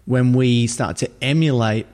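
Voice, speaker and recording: A man hosting a podcast interview, asking long questions in a relaxed, conversational way. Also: medium pitch, unhurried. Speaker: podcast host.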